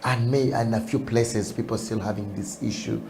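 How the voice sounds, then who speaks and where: Earnest male TV preacher, mellow voice. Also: fairly low pitch, moderate pace, a little hiss or hum. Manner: earnest, repeats words, rises loud and excited toward the song. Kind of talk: sermon and prayer. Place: TV studio.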